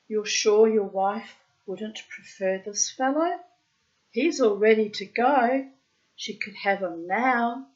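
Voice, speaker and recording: A woman's voice: a little high, lively intonation, slow, muffled recording. A woman reading aloud and voicing a jovial, teasing male God who coaxes and roars with laughter. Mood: coaxing. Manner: hearty, coaxing, bursts into roaring laughter.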